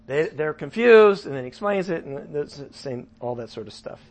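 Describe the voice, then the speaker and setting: A man's voice: on the high side, moderate pace. A man preaching a casual sermon, asking his listeners questions and joking as he teaches. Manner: animated, asks the audience questions, jokes. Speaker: pastor. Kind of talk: sermon Bible study.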